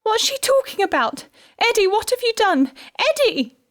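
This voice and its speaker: A woman voicing a frantic, overwrought middle-aged mother in an audiobook, pleading and shrill. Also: lively intonation, measured pace, a little mellow, no echo, clean studio sound, full character voice. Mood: hysterical. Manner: shrill, pleading, breaking into screams. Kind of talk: audiobook character reading.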